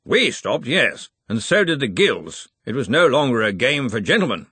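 A man voicing a pedantic older male wizard who speaks in a dry, measured way. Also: medium pitch, very animated, bright, forceful tone, breathy edge, no echo, voice pushed up, exaggerated voice.

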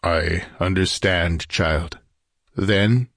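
A man playing a soft-spoken grim wanderer. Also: low-pitched, extremely slow, creaky, no room sound, clean studio sound, exaggerated voice. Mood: gentle. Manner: soft, soothing, muttered. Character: grim wandering swordsman, gentle yet cold.

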